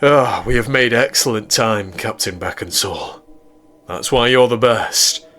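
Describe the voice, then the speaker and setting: A man's voice: on the low side, unhurried, fairly bright tone. A man voicing a self-important male scientist who speaks in a pompous, lecturing way.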